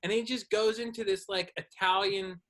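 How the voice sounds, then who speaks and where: Bright, animated man telling a story. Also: high-pitched, normal speed. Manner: animated, clears throat often, voice rising as the story builds. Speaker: comedian and podcast host. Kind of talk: casual storytelling chat.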